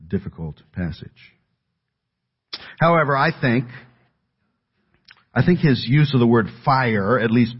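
A man preaches with a low, husky voice, pressing his points hard and then dropping almost to a hush. The audio is dull and lo-fi, like a church sermon tape. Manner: earnest preaching, swings from loud emphasis to near-hushed pleading. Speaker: pastor.

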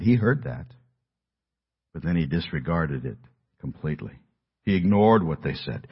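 Man, pastor, earnest emphatic sermon, lowish voice, dull lo-fi sound. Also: slightly rough. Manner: earnest, emphatic preaching with hushed drops. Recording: dull lo-fi audio.

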